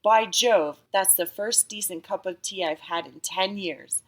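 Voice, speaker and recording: A woman voicing a gruff Englishman who lives rough in the wilderness and speaks curtly. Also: medium pitch, unhurried, a bit bright, close to an everyday voice. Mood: astonished. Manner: curt and surly.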